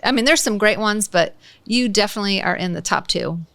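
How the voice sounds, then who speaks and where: A woman hosting an interview podcast, talking in an effusive, chatty way full of praise and quick restarts. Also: mid-range voice, vocal fry, a bit bright, dry recording. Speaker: podcast host. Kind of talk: conversational interview.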